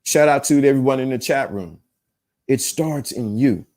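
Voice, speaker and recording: A podcast host with a mid-range, darkish voice speaks at a moderate pace to his live chat. His relationship self-help talk is emphatic and preachy, and he tends to repeat himself.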